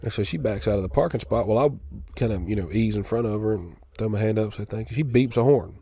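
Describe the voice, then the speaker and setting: A man, telling a long story in casual podcast chat and acting out both sides of the quarrel in a drawling, deadpan way. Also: on the low side, fast. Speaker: podcast co-host.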